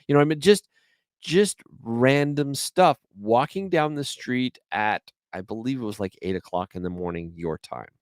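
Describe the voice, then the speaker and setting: A man's voice: mid-range voice, animated, moderate pace, dry recording. A man with a Canadian accent hosting a podcast alone, telling stories in a chatty, rambling way. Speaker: podcast host. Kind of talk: solo podcast chat.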